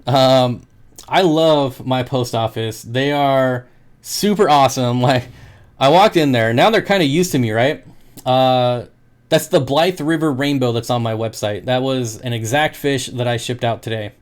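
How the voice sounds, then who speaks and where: A man who sells aquarium fish chats casually on his livestream, joking and laughing often. His voice is mid-range and a little slow.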